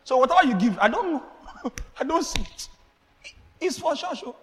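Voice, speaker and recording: A man preaching a sermon as pastor, animated, acting out exchanges and laughing as he speaks. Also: very high-pitched, normal speed, long reverb tail, slight background noise.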